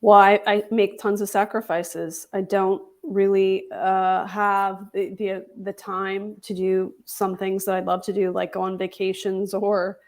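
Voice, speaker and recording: A woman's voice: mid-range voice, flat delivery, unhurried, few pauses, a little mellow. Assured woman explaining in an interview. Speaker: podcast host guest. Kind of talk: interview answers.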